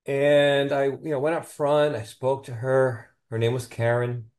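A chiropractor guest on a podcast, telling a patient story with enthusiasm and often adding "you know" and "okay?". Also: male voice, mid-range voice, monotone, a little slow, darkish tone.

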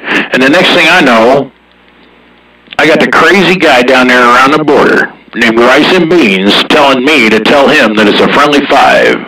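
A man's voice: mid-range voice, animated, moderate pace, crowd noise. A man chatting casually over a CB radio in a drawling, slangy manner, recorded from some distance. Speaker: CB radio operator.

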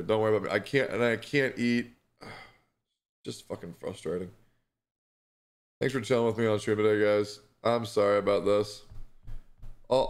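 A man's voice: lowish voice, darkish tone. Distressed young man stumbling through apologies. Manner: halting, stumbling over repeated words; apologetic, heavy swearing. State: distressed and stressed. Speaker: streamer. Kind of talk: live stream talk.

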